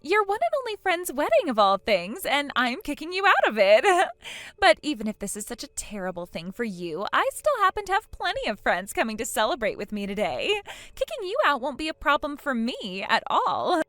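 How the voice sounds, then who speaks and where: A woman's voice: fairly high pitch, very animated, moderate pace, a bit bright, no echo. A woman voicing an arrogant young bride who mocks and dismisses her old friend. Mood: haughty. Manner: sneering and haughty, breaking into mocking laughs. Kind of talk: dramatized text-message story.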